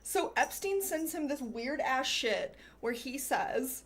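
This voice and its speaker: A woman livestreamer with a fairly high voice, reading messages aloud and tearing into them with sarcasm and swearing. She switches between brash commentary and soft baby talk to her cat. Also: lively intonation, takes it slowly, few pauses, breathy edge. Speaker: streamer.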